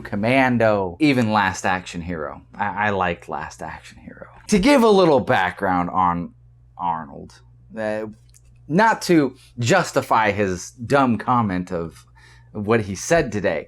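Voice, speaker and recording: A man hosting a casual commentary vlog, animated and often repeating words as he argues his point. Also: mid-range voice. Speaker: vlog host.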